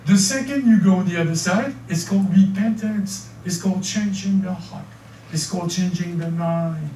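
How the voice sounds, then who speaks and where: A man's voice: sits high, normal speed, warm tone, a little hiss or hum. An older man with a French accent, preaching a sermon as pastor, often stammering and repeating words as he restarts. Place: church hall. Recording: echoey church from far off.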